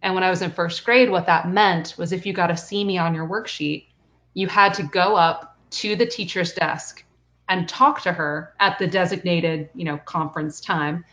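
A woman guest telling a personal story in an earnest, reflective way, with soft laughs. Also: fairly low pitch, fairly even intonation, normal speed. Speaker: guest author and coach. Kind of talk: conversational storytelling.

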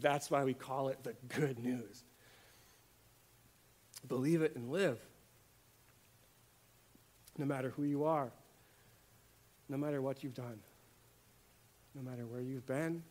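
Delivering a sermon in a mid-range voice, this man moves back and forth between soft, hushed passages and loud, forceful ones, frequently repeating words to drive his points home.

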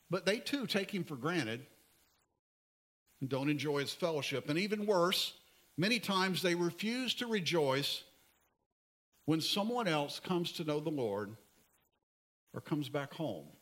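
Earnest high-voiced male preacher. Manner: earnest, pleading, dropping to soft emphasis. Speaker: pastor. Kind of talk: sermon.

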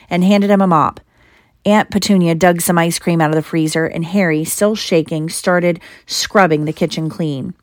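A woman reads a storybook chapter aloud to her child, her voice sitting low for a woman and steady in pace. The sound is close and dry, with no room around it. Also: no echo. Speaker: mother reading to her child.

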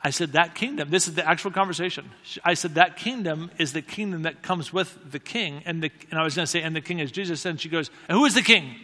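Man, preacher, conversational storytelling, forceful tone, long hall reverb. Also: a little high, fast talker, hardly any pauses. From United States. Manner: earnest, conversational, frequent restarts. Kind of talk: storytelling sermon.

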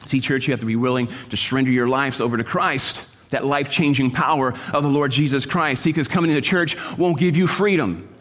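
A man preaching a sermon in an exhorting manner, repeating his phrases and moving between quiet asides and loud calls. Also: medium pitch, a little fast, few pauses, long reverb tail. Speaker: pastor.

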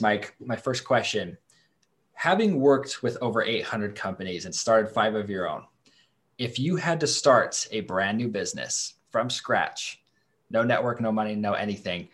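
Male podcast host, lower voice, hyped and casual interviewer.

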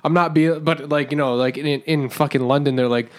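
A man's voice: a little high, steady tone, a little fast. A man in his thirties co-hosting a podcast, talking in a rambling, heavily profane, emphatic way. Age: 30s. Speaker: podcast co-host. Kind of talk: casual chat.

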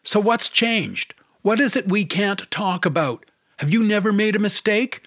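A man's voice: high-pitched, unhurried, a bit bright, no echo, studio quality, voice pushed up, heavily acted. A man voicing a hurt middle-aged wife who pleads and insists, in an audiobook reading. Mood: pleading.

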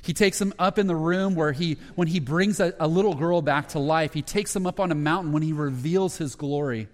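A man preaching a sermon as pastor, telling the story conversationally with frequent restarts and dips into lower quoted voices. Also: a little fast, big-room sound.

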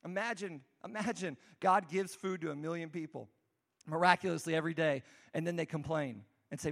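A man's voice: on the high side, brisk, vocal fry. A man preaching a conversational sermon, telling the story casually with frequent restarts and asides. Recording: long hall reverb.

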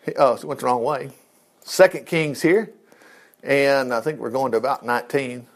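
A man's voice: medium pitch, normal speed. A man preaching in an informal, folksy way, telling Bible stories conversationally and closing in prayer. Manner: folksy and conversational, animated storytelling.

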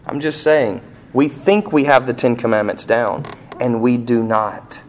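A middle-aged man preaching a sermon, asking the congregation rhetorical questions and rising sharply in pitch and volume on emphatic points. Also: measured pace, a little mellow, slight background noise. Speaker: pastor.

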